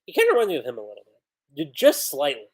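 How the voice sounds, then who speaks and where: A man casually reviewing a comic chapter on a livestream, animated and chatty, with many fillers. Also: fairly high pitch, fast, breathy edge.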